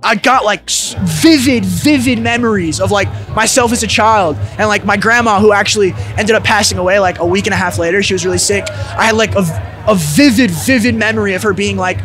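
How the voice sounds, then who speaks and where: A young man with a noticeably high voice tells a long personal story as a guest in an interview. He talks in a relaxed, slangy way, packing his sentences with fillers and casual swearing. Faint music plays in the background. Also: a little fast. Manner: laid-back, filler-heavy slang with frequent "like" and swearing.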